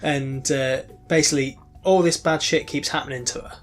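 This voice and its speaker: Halting man chatting on a podcast. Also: medium pitch, steady tone, faint music behind. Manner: rambling, halting with many ums and restarts. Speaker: podcast co-host. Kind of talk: casual chat.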